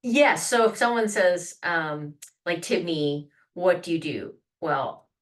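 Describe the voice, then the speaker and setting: Recorded from a distance, this woman speaks in a low-pitched voice at a normal speed. As a branding and communications guest in a conversational podcast interview, she explains self-introductions, acting out example lines and restarting them often.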